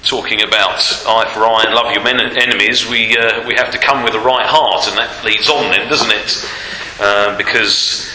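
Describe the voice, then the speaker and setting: A man's voice: fairly low pitch, fairly even intonation, moderate pace, hardly any pauses, pushed and bright. Man preaching a sermon, lots of um and isn't it, big roomy hall, faint hiss. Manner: rhetorical, many tag questions and fillers.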